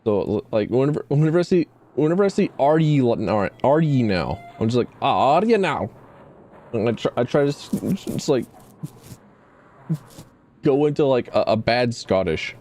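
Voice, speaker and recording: A man's voice: mid-range voice, animated, normal speed, warm tone. A man streaming a game, talking casually in a rambling, stammering, self-mocking way. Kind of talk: casual gameplay commentary.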